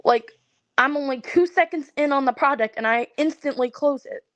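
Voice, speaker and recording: A woman in her twenties venting to viewers in a casual way, tired and stressed, halting and stammering as she restarts her sentences. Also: sits high, no echo, poor audio. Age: 20s. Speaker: content creator.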